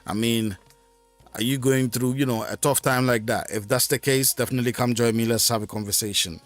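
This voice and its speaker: A man's voice: mid-range voice, fairly even intonation, fairly quick. A man hosting a live music stream, talking casually on his own and rambling with many fillers and restarts.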